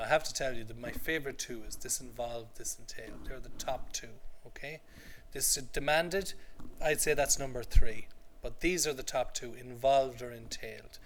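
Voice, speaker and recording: A man's voice: medium pitch, a little hiss or hum. A man teaches English vocabulary to a class in a mid-range voice. He is patient and repetitive and keeps checking in with his learners. A faint room ambience sits behind him. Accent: native English. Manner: patient, repeats phrases, checks understanding with "okay?".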